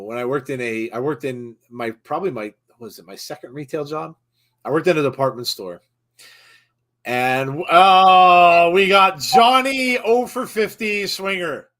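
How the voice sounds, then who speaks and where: Chatty man calling wrestling live. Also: on the high side. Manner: chatty, laughs often, reads viewer comments; bursts into excited shouting. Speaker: host. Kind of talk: live wrestling watch-along commentary.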